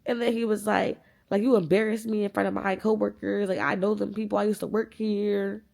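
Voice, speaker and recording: A woman in her twenties vlogging, animated and profane as she retells an argument and acts out the quoted dialogue in a casual storytime chat. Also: mid-range voice, fairly quick, gravelly. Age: 20s.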